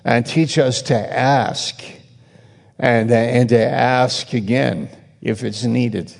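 A male preacher delivers a sermon in a slow, deliberate cadence, his voice gravelly and worn. He hammers his points home through repeated, emphatic rebukes. The sound carries a long reverb, as if spoken in a large hall. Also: medium pitch, fairly even intonation. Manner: emphatic, repetitive rebukes with rising intensity.

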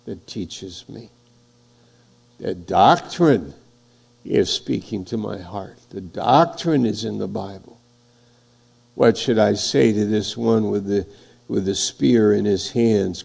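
Male preacher, gravelly, unhurried, emphatic sermon delivery. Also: lowish voice, darkish tone. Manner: slow, emphatic preaching, voice swelling and dropping.

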